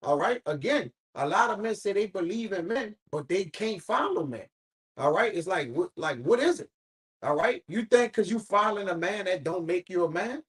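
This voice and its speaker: A man's voice: sits high, expressive, normal speed, fairly bright tone, rough recording. Emphatic man leading a Bible study. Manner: emphatic, preachy, swears casually. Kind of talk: informal Bible study discussion.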